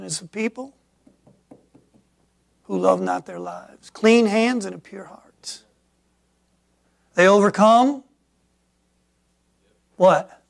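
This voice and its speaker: Middle-aged pastor guy from michigan, high gravelly voice, preaching loud then dropping quiet. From Michigan, USA. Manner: preaching with sudden loud rises and quiet asides. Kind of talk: sermon.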